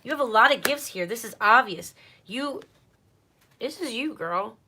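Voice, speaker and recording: A woman's voice: fairly high pitch, lively intonation, moderate pace, sharp tone, husky. Chatty woman reading tarot on a livestream. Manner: chatty, reassuring, talks straight to viewers. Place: home.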